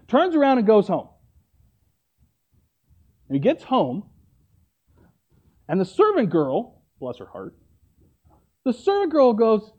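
A male preacher tells a story in a casual, conversational way, often tossing in "right?". His voice is mellow and swings widely in pitch. The recording sounds dull and lo-fi. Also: very animated, unhurried, pauses often. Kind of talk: sermon storytelling.

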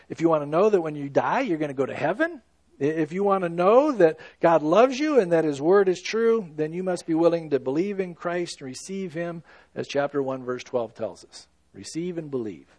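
Earnest higher-voiced male preacher. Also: dry recording. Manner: earnest, emphatic preaching with swings between loud and hushed. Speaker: pastor. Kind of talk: sermon.

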